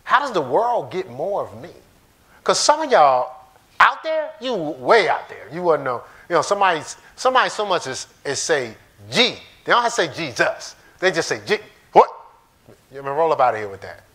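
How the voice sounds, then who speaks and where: A man's voice: fairly high pitch, big pitch swings, normal speed, fairly bright tone. A man pastor giving a casual, conversational sermon in a church, joking and talking straight to the congregation. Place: church sanctuary.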